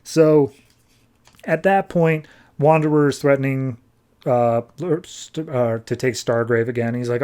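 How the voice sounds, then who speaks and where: A man's voice: mid-range voice, measured pace. Man animatedly recapping a comic. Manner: animated retelling, acting out characters' lines in passing. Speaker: podcast co-host recapping comics. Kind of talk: casual comic book recap with quick character quotes. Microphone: podcast microphone.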